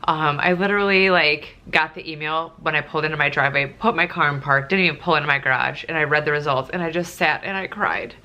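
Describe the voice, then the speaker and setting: Young woman vlogging a q&a at home, low voice but bright and forceful, chatty, gets teary. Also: fast, hardly any pauses, muffled recording. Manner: emotional, tearful at times, chatty with fillers. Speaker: nurse and vlogger. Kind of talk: casual Q&A vlog.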